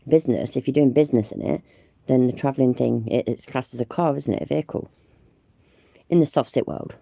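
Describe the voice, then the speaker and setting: A man's voice: mid-range voice, brisk, creaky, dark tone, dry recording, clean studio sound. A man doing sarcastic, exasperated reaction commentary over police footage.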